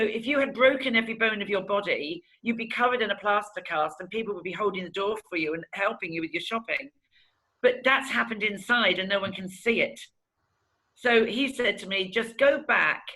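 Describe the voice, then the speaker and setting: Middle-aged woman, bright forceful voice, frank emotional testimony, mimics people she quotes. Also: medium pitch, normal speed, poor audio. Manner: candid and animated, acts out past conversations. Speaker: interviewee giving a testimonial.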